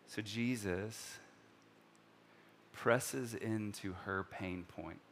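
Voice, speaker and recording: Pastor, male, lowish voice, casual sermon delivery, animated retellings, from hushed to loud. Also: slight background noise. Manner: conversational, many fillers like "like", acts out scripture dialogue; swings from soft and slow to loud and excited.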